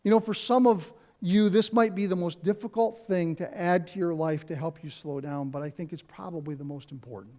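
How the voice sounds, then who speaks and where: A man's voice: high-pitched, steady tone, fairly quick, hardly any pauses, dark tone. A middle-aged man, a pastor, preaching a conversational sermon in a church, repeating key phrases and adding asides. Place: church sanctuary.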